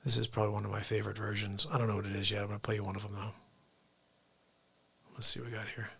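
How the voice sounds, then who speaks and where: A man hosting an unscripted live stream, rambling in quick asides to his viewers. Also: on the low side, little pitch movement, creaky, fairly bright tone, a little hiss or hum.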